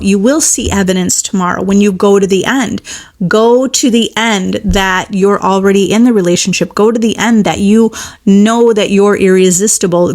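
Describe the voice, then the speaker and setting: A woman manifestation coach on a live stream, reading viewer comments and encouraging listeners with repeated affirmations in a casual, chatty way. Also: medium pitch.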